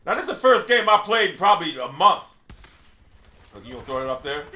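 A man giving live gameplay commentary, loud and profane, ranting and trash-talking. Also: a little high, big pitch swings, quick pace, long pauses, reverberant, a little hiss or hum. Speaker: gamer.

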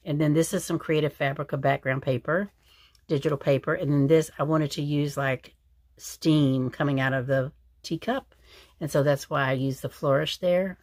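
Low-voiced chatty woman. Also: dry recording. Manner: chatty, rambling, many fillers and restarts. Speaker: crafting channel host. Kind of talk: casual craft show-and-tell.

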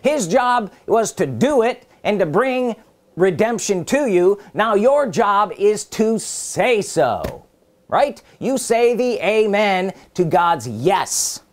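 A man's voice: sits high, very animated, takes it slowly. A man preaching a sermon, stressing and repeating key phrases, asking the listeners questions, and reading scripture in older formal wording.

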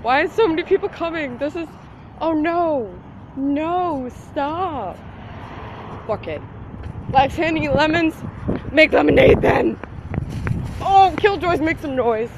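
A woman's voice: sits high, expressive, a little slow, long pauses. A teenage girl vlogging outdoors on a city street from a handheld device, rambling, self-mocking and swearing constantly. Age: teen. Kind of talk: casual rambling vlog. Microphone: handheld phone or tablet. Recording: loud street traffic noise. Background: street traffic.

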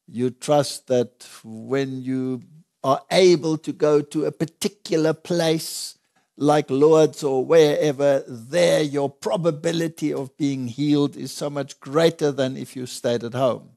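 A man's voice: fairly high pitch, takes it slowly, creaky, warm tone. A man teaching the Bible in conversation, earnest and emphatic, reading scripture aloud in old-fashioned wording.

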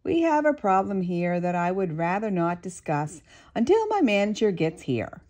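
A woman voicing a frantic male crab restaurant owner in a storybook read-aloud, loud and stammering. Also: mid-range voice, very animated, normal speed, lightly acted. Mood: panicked.

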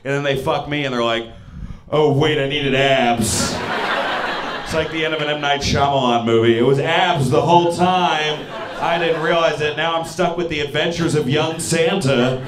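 A man doing a stand-up set on a club stage, self-mocking and quick, slipping into acted-out voices. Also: a little high. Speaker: stand-up comedian. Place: comedy club stage before a laughing crowd. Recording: echoey club with audience noise.

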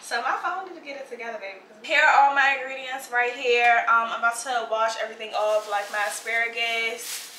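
A woman's voice: on the high side, steady tone, a little fast, sharp tone, reverberant, low-quality recording. A young woman chatting casually to her viewers while cooking and eating in her home kitchen, playful and talkative, recorded on a phone. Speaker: food vlogger. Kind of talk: casual vlog chat. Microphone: phone camera.

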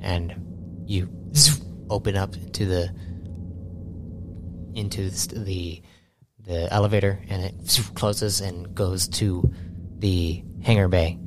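A man narrating a tabletop game as game master, halting with many restarts. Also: sits low, level tone, background noise.

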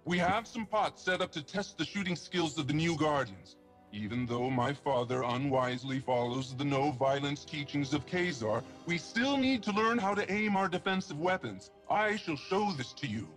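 An earnest alien guardian trainer. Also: male voice, on the high side, animated, a bit bright. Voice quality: formal, measured delivery. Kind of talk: video game dialogue. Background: game music.

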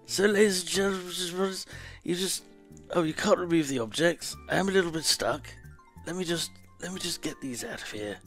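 A man's voice: fairly high pitch, normal speed, a bit bright, faint music behind. A man casually walking through a video game trick, chatty and hesitant, stopping to correct himself as he goes. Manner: chatty, hesitant, self-correcting while explaining. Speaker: let's play commentator. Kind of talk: casual gameplay walkthrough.

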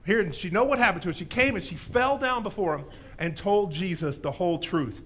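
A man preaching a sermon in a church, telling a story with lively animation and acting out the voices in it. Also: high voice, brisk. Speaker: pastor.

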